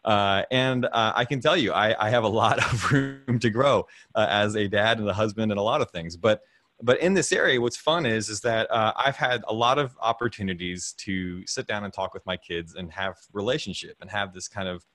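A man's voice: on the low side, normal speed, fairly bright tone, no room sound. A man in his thirties, a host on a video call, talking about faith and fatherhood in a rambling way, repeating words and chuckling often. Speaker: podcast host. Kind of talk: casual faith talk over a video call.

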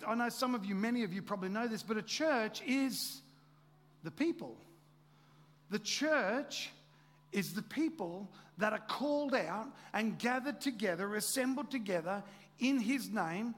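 A male pastor preaches with energy, throwing question after question to his congregation. His voice sits high, and a long reverb from the big hall trails behind each phrase. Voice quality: energetic, rhetorical questions to the crowd. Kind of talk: sermon. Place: church hall.

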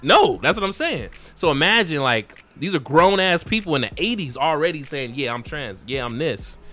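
A young man co-hosting a podcast in casual chat, animated, swearing a lot and calling his friend "bro.". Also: on the high side, moderate pace, faint music behind. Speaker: podcast co-host.

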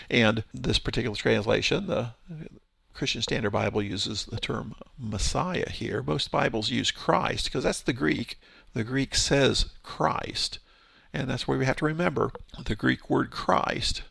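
A man with a strongly gravelly, husky voice teaches through a Scripture passage verse by verse. He explains in a relaxed, conversational way, stopping to restart phrases as he goes. The sound is dry and close, with no room echo. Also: mid-range voice. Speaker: Bible teacher.

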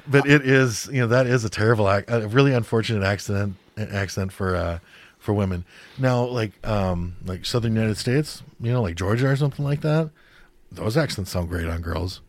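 A man with a fairly low voice co-hosts a podcast in loose conversation. He rambles, leans on fillers, and swears casually. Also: moderate pace, no room sound. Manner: rambling, profane, many fillers. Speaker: podcast co-host. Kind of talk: casual chat.

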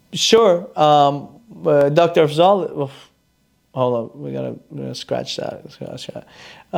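Gravelly-voiced man telling a story animatedly. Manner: animated retelling, acting out quoted lines with big pitch jumps. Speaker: chiropractor. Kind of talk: personal storytelling to camera.

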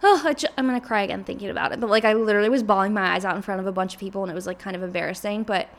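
A woman in her twenties hosts a podcast in a mid-range voice, talking very fast. She chats casually and rambles, using lots of filler words.

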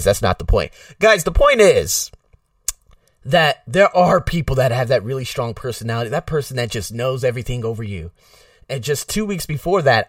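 Animated rambling American man. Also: mid-range voice, dry recording, studio quality, recorded from a distance. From United States. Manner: rambling, filler-heavy, animated. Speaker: podcast host. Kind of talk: casual rambling monologue.

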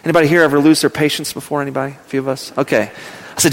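A man's voice: mid-range voice, flat delivery, very fast. A man in his thirties, a pastor, preaching a sermon and telling a family story, sometimes raising his voice. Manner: storytelling, rising to loud acted yelling in anecdotes. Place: church sanctuary. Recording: long hall reverb.

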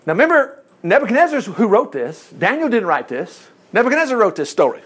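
A male preacher gives a casual, conversational sermon with lots of animated asides. His voice is high and very lively, swinging widely in pitch. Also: a little fast, husky.

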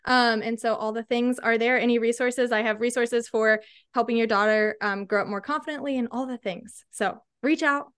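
A woman's voice: fairly high pitch, moderate pace, smooth. A woman guest, a body-confidence coach, speaking with passion and emphasis in an interview. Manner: energetic, emphatic, tag questions like "right?".

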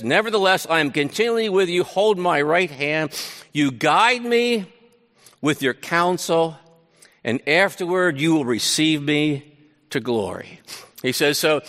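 A man preaching a sermon, paraphrasing scripture in a conversational, animated way with frequent restarts. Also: a little high, in a large hall. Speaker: pastor.

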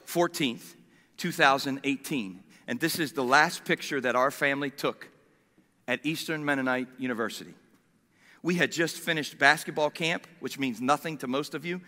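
A pastor preaching a sermon in an animated way, swinging from loud declarations to hushed, quiet lines. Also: male voice, a little high, long reverb tail.

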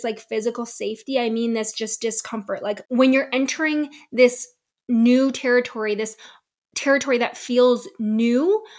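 A young woman hosts a solo podcast, speaking candidly and reflectively about her own experience. Her voice sits a little high for a woman, and she keeps a personal, storytelling tone throughout. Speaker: podcast host.

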